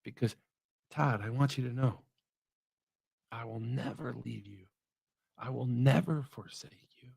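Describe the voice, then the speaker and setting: A man voicing God, hushed and gentle. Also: on the high side, vocal fry, dry recording. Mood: tender hush. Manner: hushed, slow, near-whispered reassurance. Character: God, gentle reassuring divine voice.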